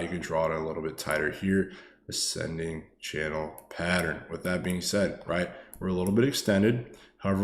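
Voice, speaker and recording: Very deep-voiced excitable male stock streamer. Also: echoey room, slight background noise. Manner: excitable, swears freely, peppers talk with "man" and "okay". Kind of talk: casual live-stream chart commentary.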